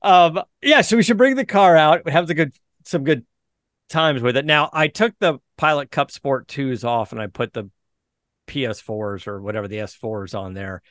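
A man's voice: on the high side, moderate pace, fairly bright tone, no echo, studio quality. A man hosting a podcast, talking casually and enthusiastically about cars in a loose, rambling way with plenty of fillers. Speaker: podcast host. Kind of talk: casual chat.

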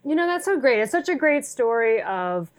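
A woman's voice: on the high side, sing-song, normal speed. A woman hosting a podcast interview, speaking in an enthusiastic, effusive way in casual chat. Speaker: podcast host.

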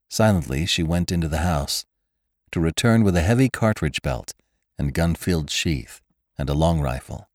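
A man narrating a classic western novel in a measured, even storytelling manner. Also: extremely low pitch, no echo, clean studio sound. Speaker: audiobook narrator.

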